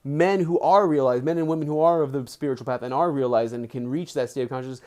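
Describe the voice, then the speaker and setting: A young man live-streaming from home, reading a book aloud and breaking off into excited, rambling commentary full of "like". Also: mid-range voice, fast talker. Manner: excitable, rambling, heavy on filler "like". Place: indoors at home, settled under a blanket.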